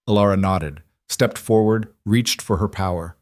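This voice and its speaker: A man narrating a romantic fantasy story in an even, measured audiobook style. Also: lowish voice, dry recording, clean studio sound.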